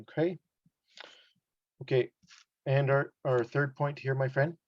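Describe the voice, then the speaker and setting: A man coaches a student through an English listening test, loosely and conversationally, dropping in lots of "like" and "you know". His voice sits at an ordinary pitch. The call audio is dry and a bit muffled. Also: steady tone, slow pace, no room sound. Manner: casual, explains with examples, many "like" and "you know". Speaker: English test-prep teacher. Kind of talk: one-on-one online lesson.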